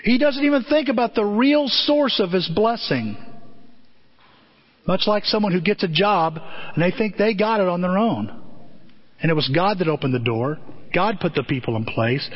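A man preaching a sermon as a pastor, telling stories in an earnest, conversational way and often repeating himself. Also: high-pitched. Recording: dull echoey hall recording.

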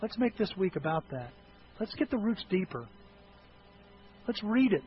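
Impassioned preaching man, high voice. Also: sing-song, moderate pace. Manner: swings from quiet talk to impassioned shouting; acts out prayers and dialogue. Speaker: pastor. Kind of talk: sermon. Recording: dull lo-fi with faint noise.

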